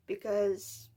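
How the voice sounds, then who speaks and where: Frank and frustrated, an eighteen-year-old vlogger talks her way through a casual, wandering monologue, sometimes dropping to a whisper for asides. She has a medium-pitched, warm voice with a slightly rough edge.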